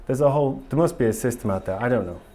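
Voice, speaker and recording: A man's voice: medium pitch, expressive, racing, warm tone. A man speaking at a conference, candid and enthusiastic, with frequent ums and restarts. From England. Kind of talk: live conference talk and Q&A. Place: conference hall.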